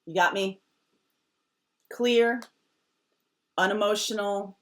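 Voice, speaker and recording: Her voice is fairly low and her pace measured as she reads tarot cards casually for the camera. Emphatic, she keeps coming back to brief, firm phrases, sometimes lowering her voice nearly to a whisper.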